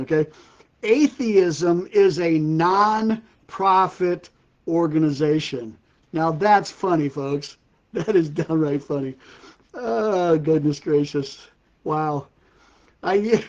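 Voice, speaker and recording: A man's voice: high-pitched, a little mellow, highs cut off. Older man chuckling through corny puns. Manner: keeps breaking into laughter at his own jokes. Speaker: ministry host. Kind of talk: casual live-stream pun telling. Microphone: live-stream setup.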